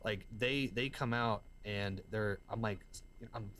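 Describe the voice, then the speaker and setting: A man's voice: on the low side, takes it slowly, a little hiss or hum. A man from the American South, telling stories in casual slang as an interview guest. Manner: excitable storyteller, slangy, says man and dude. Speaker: guest, musician and entrepreneur.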